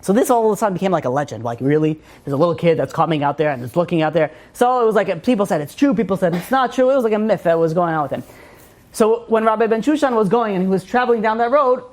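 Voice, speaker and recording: Rabbi guy rattling through a torah lesson fast, animated, keeps saying you know. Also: sits high. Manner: animated storyteller, many "you know" fillers. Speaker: rabbi teaching a class. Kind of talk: informal Torah class.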